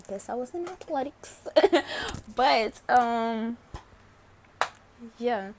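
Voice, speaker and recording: A woman's voice: on the high side, takes it slowly, pauses often, a little hiss or hum. A young woman vlogging to camera, telling a story casually, laughing often and swearing freely.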